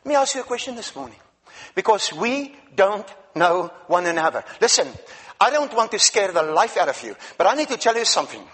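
A man's voice: high voice, big pitch swings, a little fast, fairly bright tone, breathy edge. A man from Africa preaching a sermon as a guest speaker, emphatic, asking the congregation questions and repeating words.

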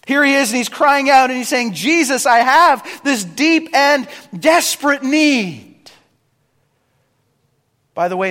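A man preaching a sermon as pastor, swinging between loud calls and hushed, low lines. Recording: reverberant hall.

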